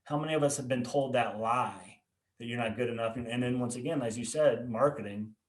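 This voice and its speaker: A man's voice: mid-range voice, a little fast. A man, a pastor hosting a conversation, tells a personal story earnestly and restarts his words often. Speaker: pastor and podcast host. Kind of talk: personal testimony in casual conversation. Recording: echoey room.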